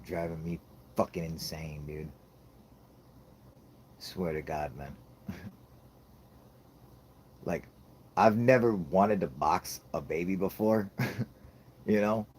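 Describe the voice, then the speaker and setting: A man's voice: low voice, takes it slowly, pauses often, darkish tone, a little hiss or hum. A man ranting about his toddler in a casual chat, swearing constantly and laughing at his own jokes. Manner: profane, laughing, rambling comic rant. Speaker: podcast host.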